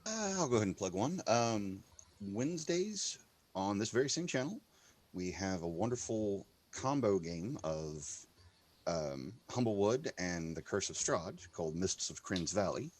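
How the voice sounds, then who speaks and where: Low male voice, animated pitch, deadpan jokes. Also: a little slow. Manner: dry, self-mocking humor. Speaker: player. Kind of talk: casual chat among players.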